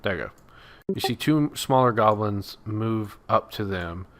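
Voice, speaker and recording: Bright-voiced man running a tabletop game. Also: lowish voice, measured pace. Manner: casual, laughing narration with fillers. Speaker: dungeon master.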